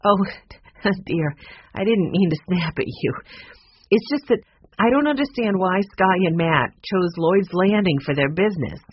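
A narrator voicing a nervous, defensive woman innkeeper in a storybook reading, in a high, tense, hesitant voice. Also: lively intonation, normal speed, husky, dry recording, highs cut off. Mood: uneasy.

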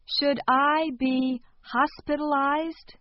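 A woman reading short phrases calmly, with careful enunciation, for a language lesson. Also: sits high, extremely slow, no echo. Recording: dull, lo-fi sound.

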